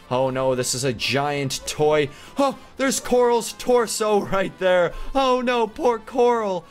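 A young man giving excitable, chatty Let's Play commentary with frequent gasps and mock-posh asides. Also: high voice, slow, hardly any pauses. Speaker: gaming YouTuber. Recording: faint background music.

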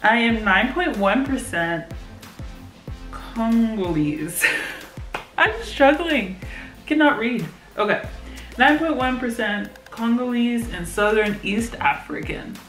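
Brief: young woman vlogger, unhurried giggly chat, roomy echoey room. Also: on the high side, lively intonation, a bit bright, soft background music. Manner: giggly, chatty, lots of fillers. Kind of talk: casual vlog chat. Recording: roomy echo.

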